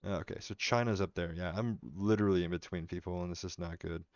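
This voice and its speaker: Deep-voiced man streaming a game. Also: fast talker, no echo, highs cut off. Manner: relaxed, rambling, chatting with viewers. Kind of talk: casual live-stream commentary. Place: home room.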